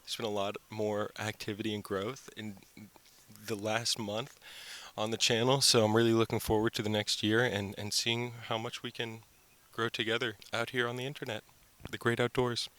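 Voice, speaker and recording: A man's voice: lowish voice, flat delivery, moderate pace, a bit bright. A young man rambling in a goofy, upbeat way as he hosts his own vlog, recorded outdoors by the water. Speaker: channel host. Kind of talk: casual vlog chat.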